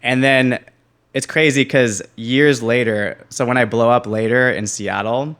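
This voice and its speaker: A man's voice: medium pitch, a little slow. A man in his twenties, a podcast guest, telling a story casually and acting out other people's lines with jumps in his voice. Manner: animated, acts out quoted voices.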